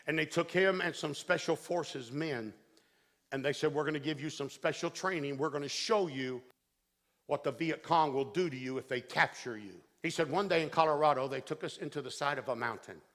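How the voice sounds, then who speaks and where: A man preaching a sermon who tells a story dramatically and builds to shouted peaks. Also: fairly high pitch, moderate pace. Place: church sanctuary. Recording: church hall reverb. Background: long hall reverb.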